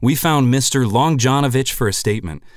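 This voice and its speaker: A man hosts a comedy podcast in a deadpan, scripted monologue that keeps swerving into loud, mock-outraged shouting. His voice is smooth and resonant, recorded on a close mic with a completely dry sound. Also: medium pitch, a little fast, no echo. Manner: deadpan, swings into loud mock-indignant bursts.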